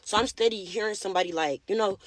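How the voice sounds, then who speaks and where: A woman's voice: mid-range voice, quick pace. A woman telling a personal story to her viewers in a brash, profane, casual way, constantly calling out to them as y'all.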